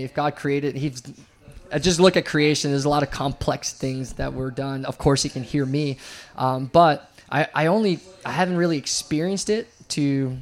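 A man preaching a sermon in a church, telling a personal story in an earnest, conversational way with frequent fillers and restarts. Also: on the high side. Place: church sanctuary.

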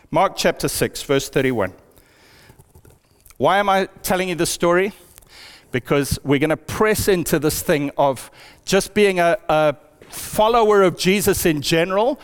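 A man preaching a sermon in a church hall, with animated storytelling. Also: a little high, clear, resonant tone. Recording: long hall reverb.

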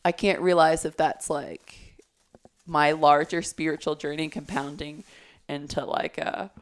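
A woman's voice: sits low, fairly even intonation, measured pace. A woman talking in a casual, heartfelt conversation, reflective and searching, with lots of "like" and fillers.

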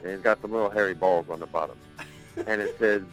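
A man telling an animated story as a podcast guest, casually swearing and laughing. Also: low voice, quick pace, soft background music, low-quality recording.

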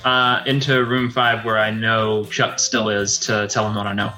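A man's voice: on the low side, flat delivery, normal speed, bright, forceful tone, soft background music. A man playing a tabletop game, hesitant and full of fillers. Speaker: player. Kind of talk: casual tabletop play.

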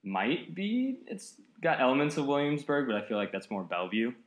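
A man's voice: medium pitch, sing-song, moderate pace, echoey room. A man in his late twenties from the Seattle area, a podcast guest talking in an easygoing, rambling way with lots of fillers. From Seattle area, United States. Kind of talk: casual interview chat. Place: apartment.

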